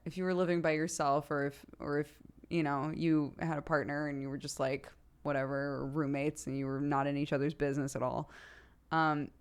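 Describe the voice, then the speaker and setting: A chatty woman streamer in her thirties with a somewhat low-pitched voice. She talks casually and tells anecdotes, laughing often. She acts out the quotes in her stories as she goes. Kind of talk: casual chat on a livestream.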